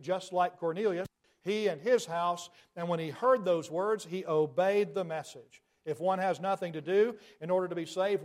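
A man with a high voice delivers a sermon as an argument. He builds through rhetorical questions, then drives points home with sudden emphasis. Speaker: preacher.

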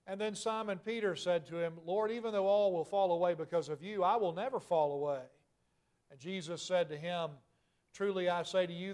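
A man preaching a sermon, reading scripture aloud and explaining it earnestly, growing louder and higher at emphatic moments. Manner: rises in pitch and volume at emphatic points.

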